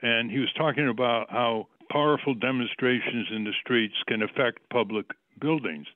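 A man's voice: medium pitch, moderate pace, dry recording. A man hosting a radio talk show, interviewing a guest and arguing his case in numbered, emphatic points. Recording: dry tinny phone-like line.

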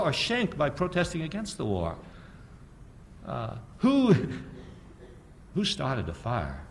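A man's voice: high-pitched, slight background noise. Sardonic older man lecturing. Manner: sardonic, storytelling, asks the audience rhetorical questions. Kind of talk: public lecture.

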